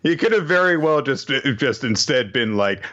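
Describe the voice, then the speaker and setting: A man co-hosting a casual chat about a series, wry and quick to laugh. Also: medium pitch, animated, a bit bright, dull audio. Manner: laughs often, wry, drifts into quoted voices. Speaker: co-host.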